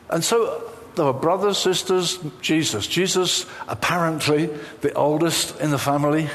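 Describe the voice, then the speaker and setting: A man preaching a sermon in an animated, humorous way, acting out the lines he quotes. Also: fairly high pitch, in a large hall, slight background noise.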